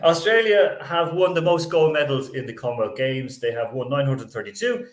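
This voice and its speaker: A man's voice: mid-range voice, moderate pace, echoey room. A man hosting a radio sports show, running a casual quiz with lots of laughs and fillers. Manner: jokey, laughs often, many fillers. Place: radio studio.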